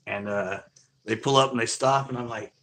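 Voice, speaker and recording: A middle-aged man hosting a fishing channel, telling a long story in a rambling, animated way full of fillers. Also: mid-range voice, moderate pace. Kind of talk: casual livestream storytelling.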